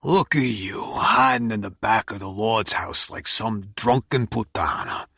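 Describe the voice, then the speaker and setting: A gruff, proud older mob uncle who blusters and lectures in a husky voice, as a male narrator puts him on. The delivery is raised and insistent, recorded dry and close for an audiobook. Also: fairly low pitch, a little slow, sharp tone, no room sound, heavily acted. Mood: blustering.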